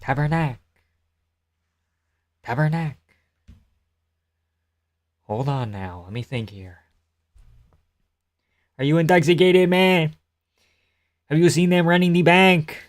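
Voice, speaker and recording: A man putting on a Quebec French accent to play an excitable French-Canadian fighter who fires off incredulous rhetorical questions that end in "man". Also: fairly high pitch, slow, pauses often.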